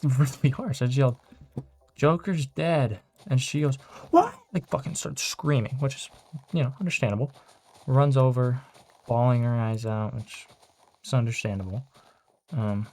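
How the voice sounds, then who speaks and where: A man's voice: medium pitch, mellow. A young man telling a casual story in a rambling way, with lots of fillers and swearing, still shaken and upset. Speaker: vlogger.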